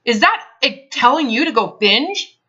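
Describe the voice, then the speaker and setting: A woman's voice: a little high, big pitch swings, a little slow, bright, forceful tone. A woman health advisor in a counseling session, talking bluntly and emphatically, swearing freely. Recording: dull lo-fi recording.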